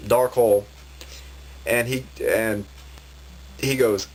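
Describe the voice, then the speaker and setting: A man's voice: mid-range voice, fairly even intonation, slow pace, a little hiss or hum. A man ranting in a vlog, rambling and frustrated, with many restarts. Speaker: vlogger.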